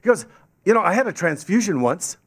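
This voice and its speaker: His voice sits high, fairly quick and husky as he tells a story to a club audience. He's the guest speaker at a podium microphone in a meeting hall, animated and acting out quoted voices.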